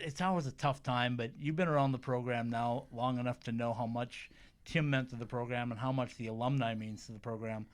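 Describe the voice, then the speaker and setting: A man's voice: mid-range voice, a bit bright. A man hosting an interview, telling stories in a chatty way with repeated words as he starts. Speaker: interviewer and host. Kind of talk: conversational interview.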